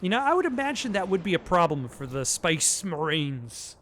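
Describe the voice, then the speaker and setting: A man's voice: sits high, very animated, moderate pace, fairly bright tone. Rambling self-deprecating gameplay commentator, man. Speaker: let's play commentator.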